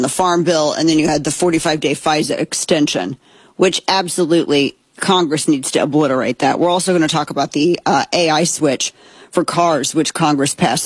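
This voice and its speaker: A woman with a breathy, husky voice talks through the news as a political commentary host. She rambles, restarts her sentences and states her opinions openly. The recording is dry and close. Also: sits low, dry recording.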